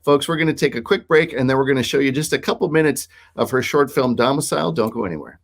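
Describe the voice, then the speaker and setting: A man's voice: mid-range voice, expressive, fast. A middle-aged man from Minnesota hosting a talk show, chatting casually with a guest and often restarting his sentences. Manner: rambling, with many restarts and fillers. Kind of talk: casual interview chat.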